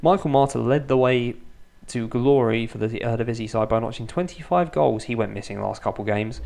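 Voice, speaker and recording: A man's voice: medium pitch, brisk, vocal fry. A man in his thirties doing Let's Play commentary at home at night, keeping his voice down so his sleeping children stay asleep, with dry, self-mocking humour. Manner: restrained, kept quiet so as not to wake his children. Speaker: gaming YouTuber.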